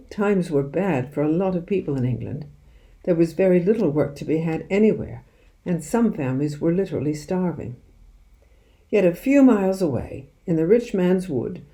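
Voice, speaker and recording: Woman reading a storybook, very mellow. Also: lowish voice. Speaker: audiobook reader. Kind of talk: storybook read-aloud narration.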